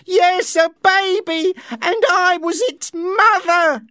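A desperate older woman, her voice pitched very high and cracking with tears, as a man reading the story puts her on. She drags out each plea slowly, sounding close and dry in the recording. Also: steady tone, a bit bright, no room sound, exaggerated voice. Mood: crying. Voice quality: high, strained, crying. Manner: slow, drawn-out pleading. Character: desperate aging woman, tearful and pleading.

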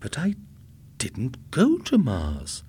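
A man's voice: mid-range voice, huge pitch swings, slow pace, mellow, slightly rough, voice pushed up, heavily acted. A man reading aloud and voicing a frightened, confused man whose voice shakes as he doubts his own memories. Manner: shaky, desperate.

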